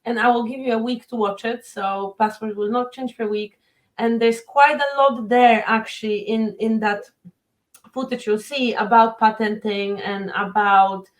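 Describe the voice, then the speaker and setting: A woman's voice: mid-range voice, rough recording. A woman moderating an online panel over a video call, friendly and a little rambling.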